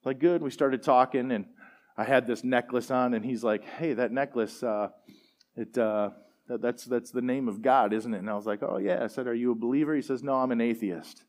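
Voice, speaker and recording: Man, middle-aged, pastor, sermon storytelling, conversational, mid pitch. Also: a little fast. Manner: conversational, animated storytelling with fillers.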